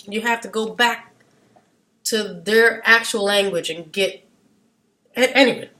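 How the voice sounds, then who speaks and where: Woman, vlogger, casual monologue, rambling, animated, goes off on tangents. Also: medium pitch, unhurried. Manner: rambling, loses her train of thought, side rants; animated, gets loud at times.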